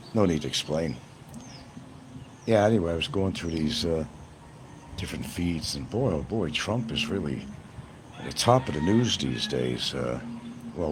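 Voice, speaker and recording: A man hosting a live stream, chatting to his viewers in a rambling, meandering way. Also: low-pitched. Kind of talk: rambling casual live chat. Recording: noisy ambient background.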